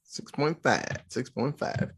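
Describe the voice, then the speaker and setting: Lively joking podcast host. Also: medium pitch, slow pace, gravelly, husky. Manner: jokey, acts out quotes, swears freely. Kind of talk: casual movie-review chat.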